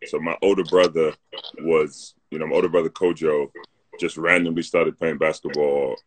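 Give me a very deep, husky-voiced London man telling stories casually on a phone. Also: little pitch movement, moderate pace. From North London, England. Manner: laid-back storyteller, "like" and "you know". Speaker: co-host. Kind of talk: casual storytelling chat on a live stream. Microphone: phone on a live video stream.

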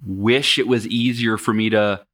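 A man in his forties, a podcast guest, telling candid personal stories in an animated, self-mocking way. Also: fairly low pitch, unhurried.

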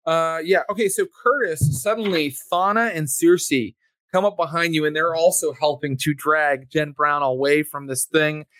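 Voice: mid-range voice, steady tone, moderate pace, a bit bright, no room sound. A game master narrating a tabletop game in a loose, rambling way, full of ums and likes. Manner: rambling, many ums and likes, laughs often.

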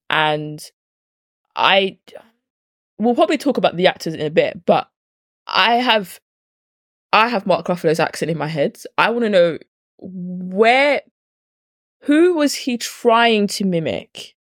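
A woman's voice: on the low side, expressive, slow, long pauses, dry recording, clean studio sound. A woman co-hosting a casual film podcast, talking animatedly and acting out her own reactions. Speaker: podcast co-host.

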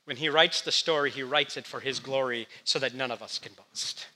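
A man preaching a sermon, telling Bible stories in a lively way and putting questions to the congregation. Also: medium pitch, moderate pace. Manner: animated storytelling preacher, asks the congregation questions. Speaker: pastor.

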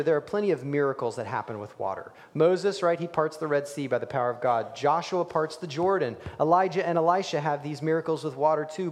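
A male pastor preaching a sermon, animated, swinging between loud emphasis and hushed, near-whispered lines. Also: a little high, brisk, hardly any pauses, in a large hall.

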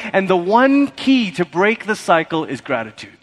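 A man preaching a sermon as pastor, animated and conversational, acting out quoted voices. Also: sits high, normal speed, hardly any pauses, in a large hall.

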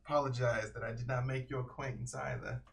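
A man's voice: mid-range voice, fairly even intonation, fast, creaky, a crowd in the background, natural voice. A man voicing a prim young woman who speaks formally and a bit flustered.

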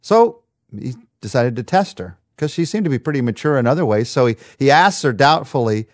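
Emphatic male preacher with lively pitch. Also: fairly quick, dry recording, clean studio sound. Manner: emphatic, repetitive rhetorical rhythm. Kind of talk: devotional sermon.

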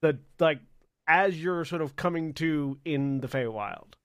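A man chatting casually at a tabletop game, often restarting his sentences. His voice sits fairly high and is recorded close and dry. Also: a little slow, clean tone, dry recording. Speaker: player.

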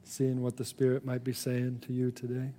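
A man preaching a sermon as a pastor, speaking in an earnest, conversational way with frequent restarts, swinging between emphatic peaks and hushed, low passages. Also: monotone, normal speed, big-room sound, a little hiss or hum.

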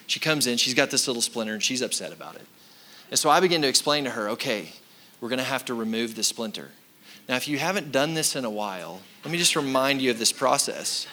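A man in his thirties preaching a sermon as pastor, telling a story with animated shifts from loud to quiet. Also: medium pitch. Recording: sermon with music behind. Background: music.

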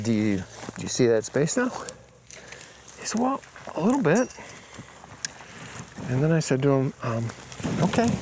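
Relaxed man telling a story outdoors. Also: on the high side, slight background noise. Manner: relaxed, retells conversations with quoted dialogue. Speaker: healing coach. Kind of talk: casual storytelling vlog.

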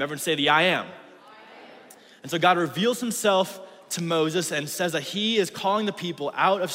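Young guy youth pastor, kinda high voice, super casual and slangy, church hall echo. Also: fairly bright tone. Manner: casual slangy, call-and-response with audience. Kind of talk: youth ministry sermon. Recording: reverberant hall.

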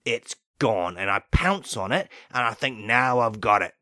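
A man's voice: mid-range voice, lively intonation, a little slow, sharp tone, no echo, pitched below the performer's own voice. A man voicing an indignant male demon king who keeps getting treated like a cat, ranting and asking "right?" over and over. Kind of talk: improvised comic monologue.

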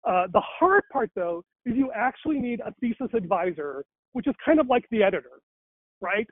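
Rambling man in casual conversation, high voice, tinny phone-line sound. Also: sing-song, moderate pace, dry recording. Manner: rambling, many fillers and restarts.

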